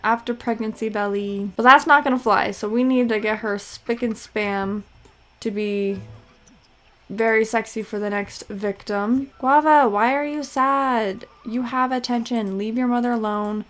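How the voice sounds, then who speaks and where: A woman's voice: a little high, fairly even intonation, moderate pace. A young woman casually commenting as she plays a life-simulation game, chatty and scattered, bossing her game characters around. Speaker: let's play host.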